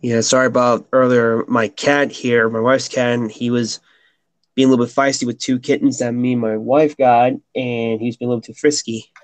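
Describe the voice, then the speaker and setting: A man's voice: medium pitch, level tone, moderate pace, no room sound. A man co-hosting a live drawing stream, chatting casually and joking, laughing often.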